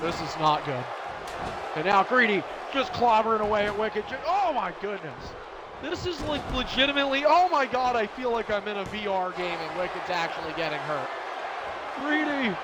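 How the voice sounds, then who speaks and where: A high-voiced man calls a video game wrestling match live, shouting at the big moves and cracking jokes in between. Behind him, a roaring crowd and heavy noise fill the stream. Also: moderate pace. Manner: excitable, shouting at big moves, laughing asides. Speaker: play-by-play commentator.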